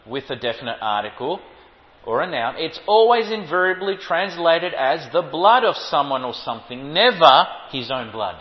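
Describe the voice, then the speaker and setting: A man's voice: on the high side, expressive, moderate pace. A man teaching a sermon on Greek Bible wording, stressing and repeating key phrases and quizzing his listeners. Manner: emphatic, repeats key phrases, asks the audience questions. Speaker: preacher. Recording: lo-fi hall recording, long reverb.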